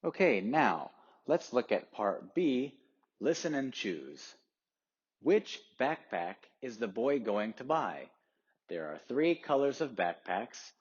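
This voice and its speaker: Husky man, slow measured teaching, lively pitch, muffled lo-fi audio. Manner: guiding students step by step through exercises. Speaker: English teacher. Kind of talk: classroom instruction. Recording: dull lo-fi recording.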